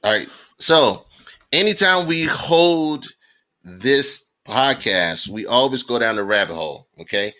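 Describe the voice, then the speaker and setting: A man co-hosting a casual podcast, talking in an emphatic, animated way and repeating phrases for effect. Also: mid-range voice, unhurried. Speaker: podcast co-host.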